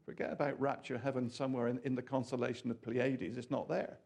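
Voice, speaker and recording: A man preaching a sermon in an animated, rambling way, full of asides and questions to the audience. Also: mid-range voice, fast, gravelly, slightly rough.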